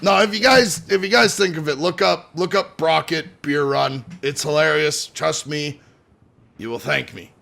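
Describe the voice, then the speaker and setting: Canadian guy rambling on a podcast, high voice with some gravel, swears a lot. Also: moderate pace, a bit bright. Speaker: podcast co-host. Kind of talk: casual chat.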